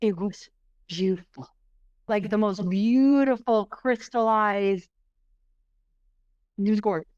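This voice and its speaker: This middle-aged podcast guest tells her personal story slowly, pausing often, yet stays animated and rambling, full of restarts, fillers, and "like." Her mid-pitched voice is smooth and clear, dry and present from a close microphone, with lo-fi sound and no room sound.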